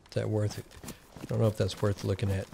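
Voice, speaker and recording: A man's voice: on the low side, flat delivery, fast talker, creaky, noisy background. A man giving casual gameplay commentary, rambling and thinking aloud as he plays. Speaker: gaming channel host.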